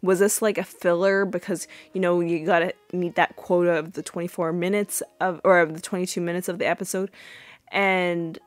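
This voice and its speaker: A woman hosting a podcast, casually recapping a TV episode with many fillers and sudden high-pitched acted-out quotes. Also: level tone, moderate pace. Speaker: podcast host.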